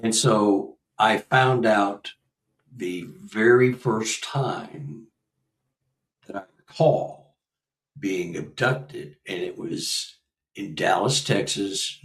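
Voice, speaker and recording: A man in his sixties with a gravelly, fry-edged voice spins a story in casual conversation, animated and laughing as he acts out quotes. He sits back from the mic, and the sound is roomy. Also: on the low side, slow, recorded from a distance. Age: 60s. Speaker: guest researcher and author.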